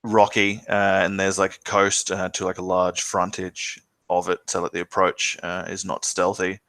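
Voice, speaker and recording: A man's voice: low voice, monotone, moderate pace, a bit bright, dry recording. A man narrating as game master of a tabletop game, describing scenes with frequent filler words.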